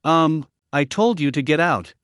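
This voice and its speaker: A woman's voice: low-pitched, lively intonation, measured pace, no room sound, clean studio sound. A male narrator voicing a proud, hot-tempered young woman who scolds sharply, in a recap of a comic story. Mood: angry scolding. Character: fiery young woman, proud and quick to anger.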